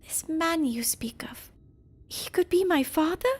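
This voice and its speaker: A woman's voice: very high voice, measured pace, darkish tone, voice pushed up. A woman voicing a young boy in a fan voiceover of a game, searching for his lost father. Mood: earnest.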